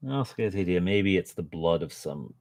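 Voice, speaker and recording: A man's voice: low voice, animated, a little fast, a little mellow. A man hosting a casual painting session at home, rambling and self-mocking with jokey asides. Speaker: miniature painter and channel host. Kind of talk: casual chat while painting.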